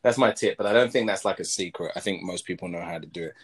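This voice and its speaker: Frank, rambling man, lowish voice. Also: quick pace, slightly rough. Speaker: podcast co-host. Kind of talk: casual chat.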